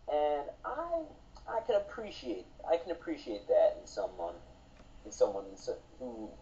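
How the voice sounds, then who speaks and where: A man's voice: mid-range voice, warm tone. A man talking as a guest in a casual podcast chat, swaggering and slangy, over dull lo-fi call audio.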